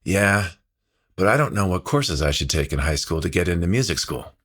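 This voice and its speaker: A man's voice: low voice, sing-song, moderate pace, a bit bright, breathy edge, exaggerated voice. A man voicing his eager teenage son, a shy boy who turns chatty and upbeat with questions. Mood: excited. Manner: upbeat, questioning, casual teen talk.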